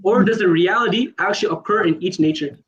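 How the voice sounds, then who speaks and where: Fast insistent man in a heated debate. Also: sits high, fairly bright tone, muffled recording, slight background noise. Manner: fast, insistent, talks over others.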